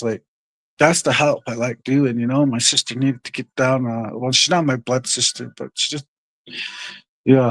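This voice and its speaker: A man's voice: medium pitch, creaky, no room sound. A man telling a long story to his viewers in a rambling, profane way, often calling out to them as "you guys.". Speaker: livestream host.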